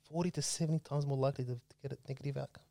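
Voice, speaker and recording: A man's voice: mid-range voice, fairly even intonation, very fast, creaky, mellow, no room sound. A man hosting a casual religious talk, emphatic and preachy, pushing up his voice to stress points.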